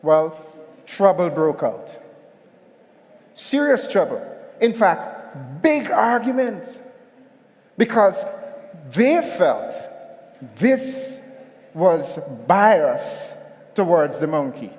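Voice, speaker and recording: A man delivers a motivational keynote from a hotel conference stage, drawing the audience in with a story and asking them to answer back. His high voice swings widely and he speaks slowly. A long reverb from the large hall hangs on every phrase. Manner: animated, storytelling, calls on the audience.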